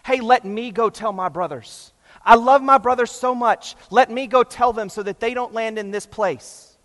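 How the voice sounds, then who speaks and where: A man's voice: extremely high pitch, moderate pace, fairly bright tone, in a large hall, pitched above the performer's own voice. A man voicing an arrogant, commanding rich man in torment, barking orders. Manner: commanding, demanding.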